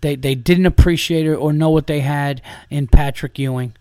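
A man's voice: on the high side, steady tone, moderate pace, warm tone, smooth, dry recording, studio quality. A man hosting a comedy podcast, ranting in a heated, profane, emphatic way.

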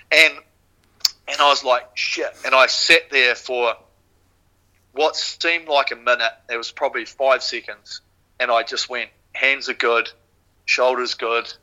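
A man's voice: mid-range voice, rough recording. A man from New Zealand with a New Zealand accent, a podcast guest telling a story casually and swearing freely. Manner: swears freely, animated retelling. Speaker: podcast guest, former rower.

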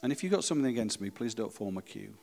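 A man preaching a sermon and leading a congregation in quiet prayer. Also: fairly low pitch, expressive, very fast, gravelly, in a large hall. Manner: reads a story aloud, then speaks softly and prayerfully. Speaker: pastor.

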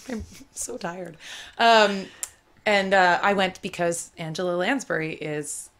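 A woman's voice: lowish voice, fairly even intonation, takes it slowly, a bit bright. Chatty woman telling a rambling story. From United States. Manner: rambling, many fillers, laughs while telling. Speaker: guest, actor. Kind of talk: casual storytelling chat.

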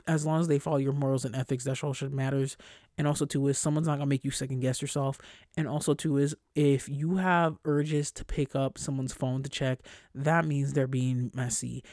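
A young adult podcast host in a casual solo monologue, blunt and slangy with lots of swearing, whose voice climbs high and loud when worked up. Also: steady tone, fairly quick, no room sound, studio quality.

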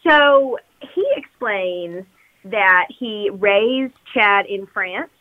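A woman's voice: medium pitch, very slow, narrow, tinny audio. Chatty woman rambling through a movie recap. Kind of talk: casual chat recapping a movie.

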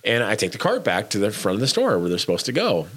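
Animated fast-talking man giving a pep talk. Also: on the low side, husky. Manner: animated and emphatic, with frequent restarts; blunt, swears casually. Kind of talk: casual motivational chat.

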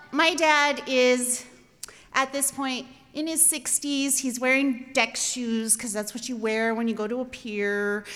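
A woman telling a comic personal story, animated and self-deprecating, with exasperated asides. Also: high-pitched. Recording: long hall reverb.

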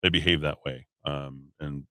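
Brief: low-voiced male radio host, bright and forceful tone, rambling delivery full of fillers. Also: steady tone, moderate pace, no echo, studio quality. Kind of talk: casual talk radio chat. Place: radio studio.

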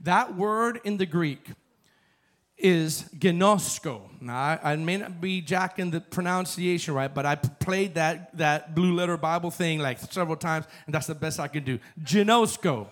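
A man's voice: on the high side, moderate pace. A man preaching a sermon as pastor, moving from chatty asides to fervent, rising exhortation. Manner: conversational, builds to fervent shouting.

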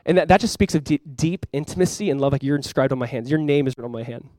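A man's voice: medium pitch, quick pace, a little mellow, no echo, clean studio sound. A young man preaching a sermon to his church as pastor, earnest and conversational, with many fillers.

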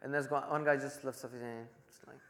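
A man from Africa, telling an animated testimony as a preacher and acting out the dialogue. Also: medium pitch, fast, reverberant, noisy background. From South Africa. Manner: excitable storyteller who acts out dialogue.

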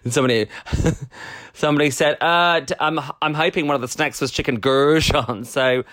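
A podcast co-host with a fairly high male voice, moderate pace and slightly bright quality. He chats casually, laughs a lot and keeps restarting his sentences.

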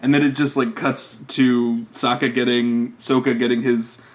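A man's voice: medium pitch, little pitch movement, measured pace. A man co-hosting a podcast, discussing a film in a casual, chatty way with frequent laughs and fillers. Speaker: podcast co-host.

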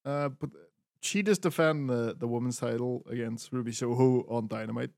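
A man talks through last week's wrestling in a loose, unhurried way, full of ums and muttered curses. His voice sits at an ordinary middle pitch. It is recorded close and dry, with no room sound around it. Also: gravelly, a little mellow, no echo. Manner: laid-back, recapping with frequent fillers and swearing. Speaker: podcast co-host. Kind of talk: casual wrestling chat.

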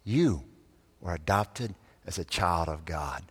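A man preaching a sermon, telling a story that swells loud and then drops to a hush. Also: low-pitched, expressive, slow, slightly rough. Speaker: pastor. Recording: long reverb of a large hall.

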